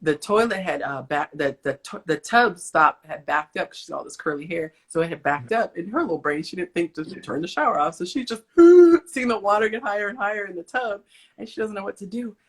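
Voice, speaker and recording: A woman with a husky, breathy voice tells lively faith stories on a live stream call. She is a mother and a vivid storyteller. She talks casually and acts out each line of dialogue. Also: lowish voice, a little fast. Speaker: guest, mother.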